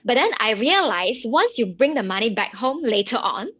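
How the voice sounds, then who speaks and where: A woman hosting an interview with a high, animated voice that moves a lot in pitch. She sounds enthusiastic and encouraging. The recording is close and dry. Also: moderate pace, breathy edge, dry recording. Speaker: interview host. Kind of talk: casual interview talk.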